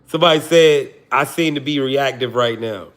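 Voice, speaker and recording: His voice is mid-range and a bit bright, delivered at a moderate pace. As a livestream host, he chats casually with his audience, joking with profanity before getting around to preaching his point.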